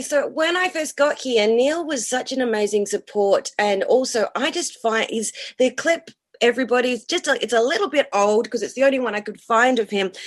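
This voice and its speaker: A woman who performs cabaret, talking enthusiastically in a radio interview. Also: fairly high pitch. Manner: enthusiastic, with frequent fillers and restarts. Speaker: cabaret and burlesque performer, guest.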